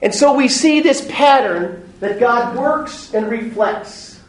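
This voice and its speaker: A man giving a parish Bible study talk, animated and joking, acting out little voices in his stories. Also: very high voice, takes it slowly, echoey room. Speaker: parish teacher. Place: parish hall or church.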